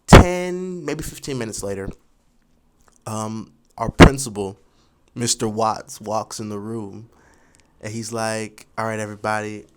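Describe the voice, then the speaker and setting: A young man in his twenties telling a school story casually, animated and full of fillers like "you know". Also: on the low side, takes it slowly, pauses often, very noisy. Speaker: vlogger.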